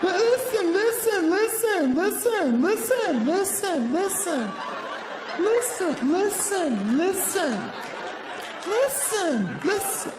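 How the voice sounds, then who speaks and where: A whiny young girlfriend nags over and over in a piercing high voice, as a man puts her on. She pesters without letting up. The sound is roomy, with a loud audience behind her. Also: big pitch swings, slow pace, noisy background, exaggerated voice. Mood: whining. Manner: shrill, repetitive, pestering. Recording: roomy live club with loud crowd.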